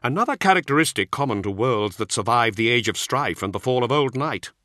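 A man voicing a calm, dry-witted scholarly monk who reasons coolly. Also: mid-range voice, brisk, dry recording, pitched above the performer's own voice. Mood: reasoning.

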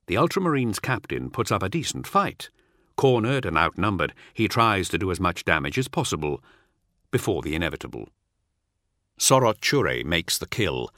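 A man narrating an audiobook in a measured, dramatic storytelling manner. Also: low-pitched, big pitch swings, pushed and bright, no room sound, clean studio sound.

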